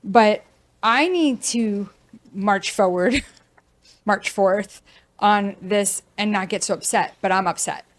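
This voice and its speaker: A woman's voice: mid-range voice, takes it slowly. A woman realtor hosting a casual talk show, speaking frankly and venting her frustration. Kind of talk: casual chat.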